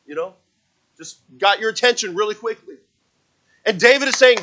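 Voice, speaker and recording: A man's voice: high-pitched, moderate pace, pauses often, bright, forceful tone, poor audio. A man preaching a sermon in a conversational way, often repeating his words and acting out little stories. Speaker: pastor.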